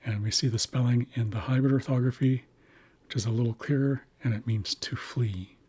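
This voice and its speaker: A man narrating a screen-share lesson, carefully explaining writing systems and slowly sounding out example words. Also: medium pitch, steady tone, a little mellow, husky. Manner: careful, slow spelling-out of words. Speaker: language teacher.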